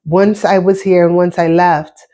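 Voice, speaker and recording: A woman's voice: lowish voice, fairly even intonation, a little slow, dark tone. A woman in her fifties with a Jamaican-American accent, chatting casually and telling her personal story to viewers, often restarting and repeating words. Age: 50s. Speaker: vlogger.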